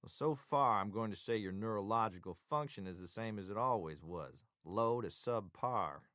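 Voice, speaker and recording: A man's voice: lowish voice, animated, normal speed, a bit bright, no room sound, studio quality. A man voicing a joking male doctor with a Texas drawl, teasing an old friend. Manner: teasing, wisecracking.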